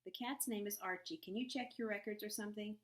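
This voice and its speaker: A woman's voice: mid-range voice, a little fast, lightly acted. Woman voicing a blunt, impatient girl. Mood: curt.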